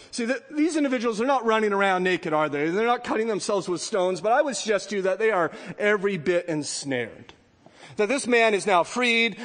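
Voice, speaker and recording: Pastor guy preaching, kinda high voice, big reverb from the hall, acts out the bible characters. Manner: animated preaching, acts out voices of biblical figures. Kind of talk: sermon.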